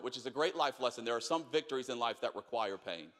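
A young man preaching a sermon, telling a story with acted-out voices, then dropping to quiet questions. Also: medium pitch, expressive, fast, few pauses. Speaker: pastor. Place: large church hall. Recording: long hall reverb.

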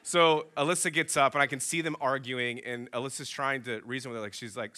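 Bright-voiced man telling a story. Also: mid-range voice, brisk, hardly any pauses. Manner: animated storyteller acting out both sides of a dialogue. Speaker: pastor. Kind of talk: sermon storytelling.

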